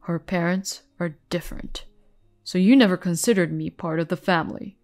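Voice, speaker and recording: A woman's voice: fairly low pitch, moderate pace, a little mellow, close to an everyday voice. A woman voicing a resentful adult man, a thieving older brother, in a narrated story, over faint music. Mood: defensive. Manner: defensive, bitter.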